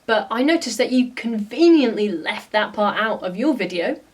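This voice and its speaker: A woman's voice: a little high, expressive, moderate pace, recorded from a distance. A woman vlogger giving casual reaction commentary, blunt and exasperated, often swearing.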